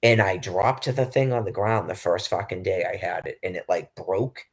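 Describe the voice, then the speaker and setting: A low, gravelly man rants on and on, swearing constantly and breaking off mid-sentence to restart. He talks in a rambling, agitated monologue about life without a home. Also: fairly even intonation, normal speed. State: homeless. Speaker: public access show guest.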